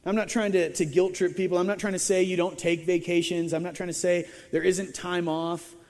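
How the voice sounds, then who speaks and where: A man preaches to a congregation in a loose, storytelling manner, stumbling over repeated words and dropping dry little jokes. His voice sits a touch high for a man and rings out with the long reverb of a big hall. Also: flat delivery, fairly quick, darkish tone. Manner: conversational storytelling with frequent stammered restarts and wry asides. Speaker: pastor. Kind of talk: sermon.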